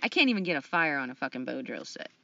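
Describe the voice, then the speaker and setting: A woman's voice: deep voice, very animated, fast, creaky, sharp tone, no room sound. A woman co-hosting a podcast in casual chat, joking and laughing easily. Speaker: podcast co-host. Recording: dull lo-fi podcast audio.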